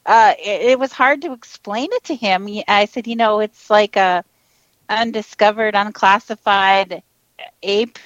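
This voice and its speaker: A woman co-host rambles through a story in a chatty voice and laughs now and then. Her voice is of middle pitch. It sounds dry and slightly muffled, with no room around it. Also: a little slow, a bit bright, no room sound. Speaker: podcast co-host. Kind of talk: casual storytelling chat.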